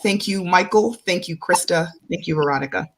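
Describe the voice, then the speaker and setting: A woman's voice: fairly low pitch, a little fast, slight background noise. A woman doctor hosting a panel discussion, explaining symptoms earnestly to her guests and viewers. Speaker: doctor and host. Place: studio stage with guests.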